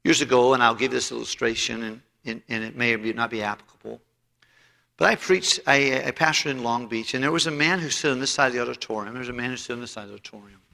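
A man's voice: medium pitch, quick pace, creaky, sharp tone. A man preaching a sermon as pastor, emphatic and storytelling, often restarting his phrases, in a church auditorium. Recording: long hall reverb.

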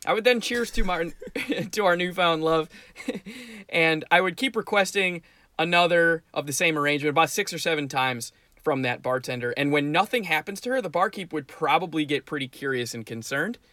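A man's voice: a little high, normal speed, sharp tone, no echo, studio quality. A man co-hosting a podcast, chatting playfully about tabletop game scenarios and laughing often. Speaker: podcast co-host.

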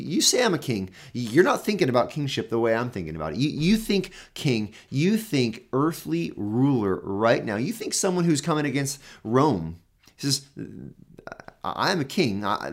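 A man preaching a sermon, emphatic and repetitive, building his phrases up and then dropping low. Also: sing-song, moderate pace.

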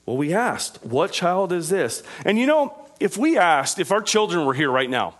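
Pastor preaching with swinging intensity. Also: male voice, high voice, sing-song, normal speed, fairly bright tone. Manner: informal, with frequent fillers and restarts. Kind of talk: sermon.

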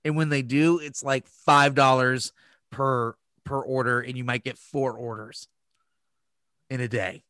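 Casual podcast host, a man with a sharp, dry voice who tells stories with lots of swearing. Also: medium pitch, little pitch movement, measured pace, no echo. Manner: profane, rambling with restarts. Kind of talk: casual storytelling chat.

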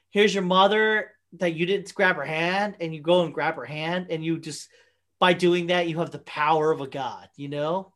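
A woman in casual conversation, talking excitedly with lots of filler words and swearing. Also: on the low side. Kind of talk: casual chat about a movie.

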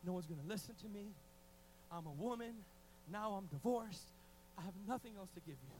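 A man acting out a broken-hearted woman preacher's plea, in a slightly lowered voice. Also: expressive, fairly quick, darkish tone, a little hiss or hum, poor audio. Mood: despairing.

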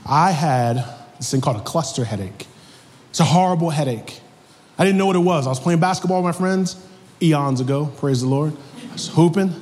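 A young man preaching a sermon with comic storytelling, lively and animated. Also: a little high. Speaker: pastor. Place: church sanctuary. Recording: echoey hall.

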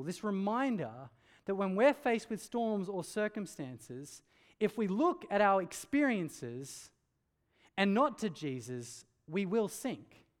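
Guy with a high voice giving an earnest sermon, lots of echo from the hall. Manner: earnest, emphatic preaching that drops low and quiet on key lines. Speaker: pastor. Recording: hall reverb.

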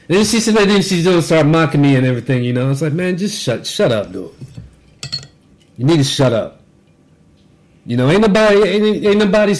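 Profane man ranting on a podcast. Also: fairly high pitch. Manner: profane, rambling storytelling with repeated restarts. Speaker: podcast co-host. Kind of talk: casual podcast rant.

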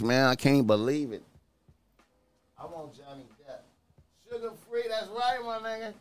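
A man hosting his own podcast talks in a loose, repetitive way, dropping "man" into nearly every line. His mid-pitched voice is smooth and resonant. It sits dry and close on the mic as he hands out shout-outs and preachy street advice. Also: no room sound. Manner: loose, repetitive delivery with constant "man" fillers. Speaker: podcast host. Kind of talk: casual livestream talk giving chat shout-outs.

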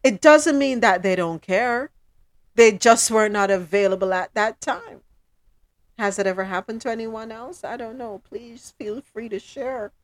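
A woman's voice: a little high, moderate pace, no room sound. A woman hosting a relationship talk show, talking casually and acting out her own thoughts as she tells a story.

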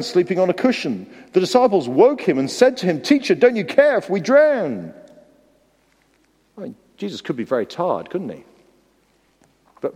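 A man preaching a sermon, animated, often repeating his words at the start of a phrase. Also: mid-range voice. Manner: animated, repeats words, acts out the disciples' cries. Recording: long hall reverb.

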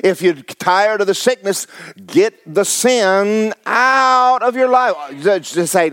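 A man's voice: high voice, normal speed, a bit bright, dry recording, clean studio sound. A man preaching a sermon, folksy and fiery, repeating phrases for emphasis. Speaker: pastor.

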